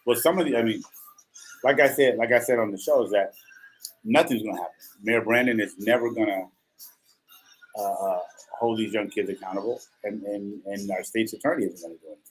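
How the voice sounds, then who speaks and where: A man's voice: fairly low pitch, brisk, slightly rough. A middle-aged man hosting a radio talk show, chatty and joking, rambling with restarts. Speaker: radio host.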